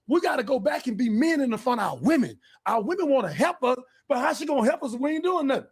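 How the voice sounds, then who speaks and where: A man hosting a podcast, delivering a fiery, profane, preachy monologue and breaking into shouts. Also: very high voice, sing-song, fast, breathy edge. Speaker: podcast host. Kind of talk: heated monologue.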